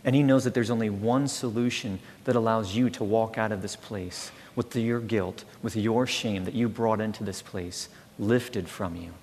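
A man preaching a sermon as pastor, rising loud on key words and falling to a slow, soft hush. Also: lowish voice, fairly even intonation. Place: church. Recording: long hall reverb, faint room noise.

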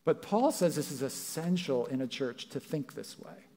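A man's voice: medium pitch, lively intonation, moderate pace, dark tone. A male pastor preaching a sermon in a church, talking conversationally and acting out what people might say. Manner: conversational, acts out quoted voices.

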